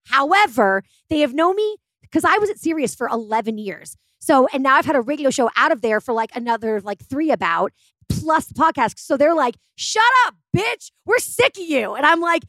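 A woman's voice: sits high, animated, a little fast, a bit bright, no echo. A woman who is a radio host, guesting on a podcast and chatting animatedly while she swears freely. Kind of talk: casual podcast chat.

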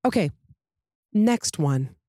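A woman's voice: fairly low pitch, animated, takes it slowly, mellow, dry recording, studio quality. A woman hosting a podcast, chatting casually with lots of fillers and reading out listener stories. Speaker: podcast host.

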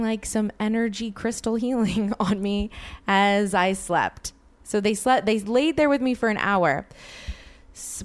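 A woman's voice: mid-range voice, clean tone. A woman hosting a podcast, telling a rambling story in casual chat, full of fillers and swearing. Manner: chatty, rambling, heavy use of fillers and swearing. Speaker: podcast host.

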